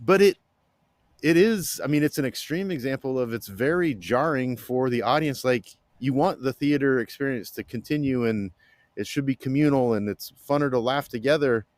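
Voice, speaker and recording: A man, a guest on a podcast, telling a story in an animated, excitable way with lots of restarts. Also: mid-range voice, moderate pace, no echo. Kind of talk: casual chat, animated storytelling.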